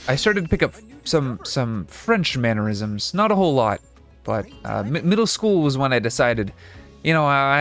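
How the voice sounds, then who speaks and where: A man's voice: medium pitch, fairly bright tone. A young man from Canada with a mild Canadian accent, casually rambling and self-correcting as he comments on a game he is playing. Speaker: gaming video host. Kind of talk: casual let's-play commentary.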